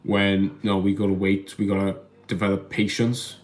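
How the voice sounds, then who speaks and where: A man talks into his phone on a casual live stream at home. His voice sits a bit low. He rambles, stumbles and repeats words as he answers his chat. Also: flat delivery, normal speed, darkish tone. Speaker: livestream host reading chat.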